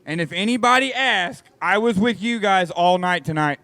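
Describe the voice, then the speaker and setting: A man calling a dirt track race live, excitable and joking with the crowd. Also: high voice, normal speed, dry recording. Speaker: race announcer. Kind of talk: live race commentary over a PA.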